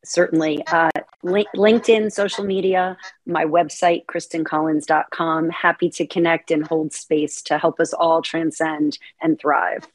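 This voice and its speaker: A woman guest on a radio talk show speaking calmly and thoughtfully about supporting others. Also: deep voice, no echo. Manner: calm, measured, thoughtful. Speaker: guest, burnout coach. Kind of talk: interview conversation.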